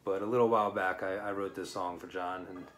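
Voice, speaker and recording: A man's voice: low-pitched, fairly even intonation, fairly quick, a bit bright. A middle-aged man, a former firefighter, telling a personal anecdote in a plain-spoken, rambling, self-deprecating way.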